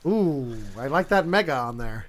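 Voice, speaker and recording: A man's voice: a little high, animated, moderate pace, a bit bright. A man performing an improvised comedy scene, eager and stumbling over restarts.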